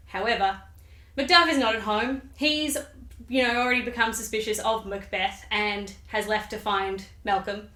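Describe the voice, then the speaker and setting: A woman's voice: medium pitch, moderate pace, pushed and bright. A woman hosting a comedic summary of a play, chatty and sarcastic, with rambling asides. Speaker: video host. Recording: roomy echo.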